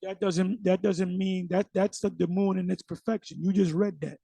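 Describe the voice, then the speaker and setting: A man's voice: high voice, flat delivery, normal speed, creaky, dark tone, slightly rough, no echo. A man giving casual, emphatic commentary on a sermon video. He often repeats words and uses slang.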